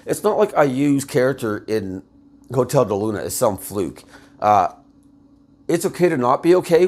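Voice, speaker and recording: A man's voice: on the low side, darkish tone. A man commentating casually, retelling a story with laughs and rambling asides. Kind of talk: casual video essay retelling.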